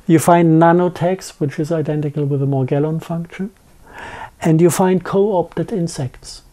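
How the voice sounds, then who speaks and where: Man, German accent, very dark mellow tone; halting interview guest, frequent restarts. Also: on the high side, steady tone. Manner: halting, with many restarts and fillers. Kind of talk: conversational interview.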